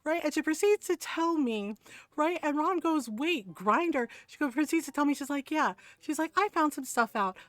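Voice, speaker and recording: A woman with a higher-pitched voice chats casually while she streams a game. She tells stories with lots of quoted back-and-forth, often checking in with her listeners. The sound is dry and close, with little room echo. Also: moderate pace. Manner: animated storyteller, retells others in quotes, keeps asking "right?".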